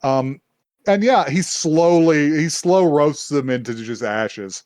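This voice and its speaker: A man co-hosting a podcast, casually recapping an anime episode, animated and swearing, acting out characters' lines. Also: a little high, slow pace, no echo, clean studio sound. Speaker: podcast co-host.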